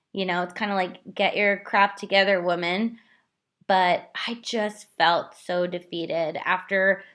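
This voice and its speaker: A woman's voice: medium pitch, a bit bright. A young woman hosting her own podcast, telling a candid, self-deprecating story about her week. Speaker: podcast host. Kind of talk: confessional solo podcast.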